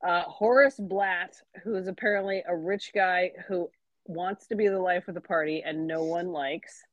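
A woman's voice: lowish voice, moderate pace, dry recording. Young woman recapping a plot, dull sound. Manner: relaxed, recaps a plot with fillers. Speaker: book podcast co-host. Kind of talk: casual chat.

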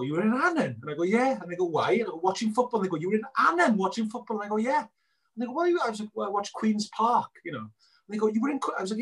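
Fast-talking man, husky voice. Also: on the high side. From Wales. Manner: animated storyteller acting out both sides of conversations. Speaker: guest filmmaker. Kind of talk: casual interview chat.

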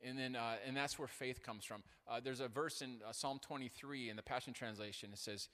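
A male pastor preaching with humor and stories, animated and self-deprecating, full of fillers and restarts. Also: mid-range voice, brisk. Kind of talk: sermon with storytelling. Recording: long hall reverb.

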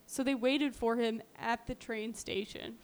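A woman's voice: fairly high pitch, steady tone, measured pace. A woman co-hosting a podcast, casually retelling a true-crime story with lots of fillers. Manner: chatty, lots of "um" and "like", acts out quotes. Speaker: podcast co-host.

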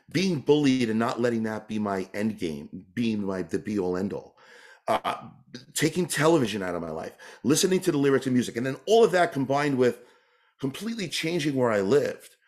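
A man's voice: mid-range voice, sing-song, normal speed, a little mellow. A man from New York, a tap dancer and entertainer, giving a long, earnest, rambling answer in an interview, often restarting his sentences. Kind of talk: reflective casual interview answer.

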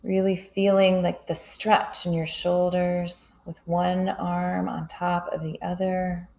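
A woman guiding a yoga and breathing session, calm and soft, counting breaths aloud. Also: fairly low pitch, slow, rough recording. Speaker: yoga instructor. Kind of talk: guided yoga and breathing instruction.

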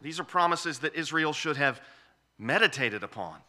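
A man's voice: a little high, lively intonation, moderate pace, bright, forceful tone. A man preaching an expository sermon, emphatic and repeating key phrases for weight.

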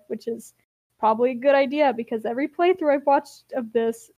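A young woman with a high voice gives a chatty comic recap of a game's plot, wry and quick to laugh. The recording is close and dry, with no room sound. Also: fairly even intonation, warm tone, no echo.

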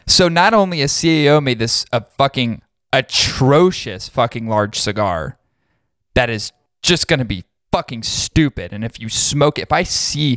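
A man's voice: medium pitch, fairly bright tone, no echo, studio quality. Angry man ranting, profane. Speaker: podcast co-host. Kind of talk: casual podcast rant.

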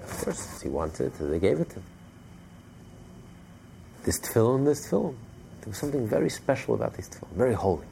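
A man with a gravelly, dark voice teaching a religious class. He tells his story with animation and stops often to restart his sentences. Faint noise sits under the recording. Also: fairly low pitch, sing-song, rapid-fire, hardly any pauses.

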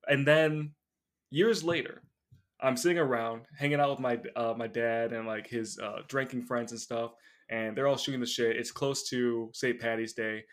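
A man's voice: mid-range voice, steady tone, normal speed, a bit bright. Laid-back male podcast co-host. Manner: laughing, storytelling with lots of fillers. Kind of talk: casual chat.

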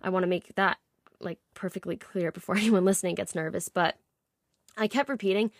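A woman's voice: on the low side, fairly quick, gravelly, dry recording, studio quality. A woman in her twenties hosting a podcast, telling a personal story in a candid, confessional way with light laughs. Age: 20s. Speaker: podcast host.

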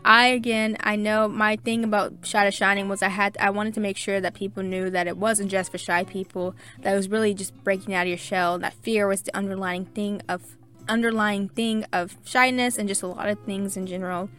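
A woman's voice: mid-range voice, fairly even intonation, a little fast, fairly bright tone, soft background music. A young woman hosting her own podcast, reading listener reviews aloud and thanking each one in a gushing, chatty way full of fillers. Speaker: podcast host.

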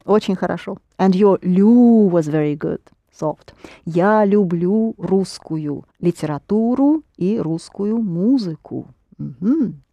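A woman's voice: on the low side, expressive, takes it slowly, vocal fry, mellow, no room sound, dull audio. A woman teaching a Russian lesson in English, patiently correcting her students' pronunciation. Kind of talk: language lesson.

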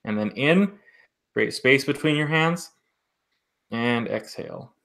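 A man acting as vocal coach, calmly guiding listeners step by step through a breathing exercise. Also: mid-range voice, takes it slowly, gravelly. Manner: calm step-by-step instruction.

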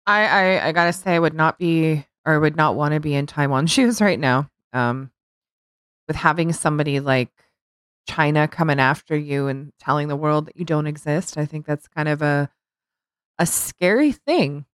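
Low-voiced woman podcast co-host. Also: normal speed, clear, resonant tone, no room sound, studio quality. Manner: reactive, laughs often. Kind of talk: casual podcast chat.

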